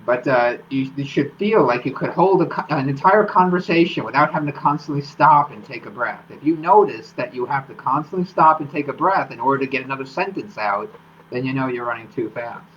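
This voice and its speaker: A man's voice: medium pitch, lively intonation, a little fast, fairly bright tone, dull audio, a little hiss or hum. Man coaching on a live stream. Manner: explanatory, coaching tone. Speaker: running coach and host. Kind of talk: live-streamed solo talk. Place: home studio.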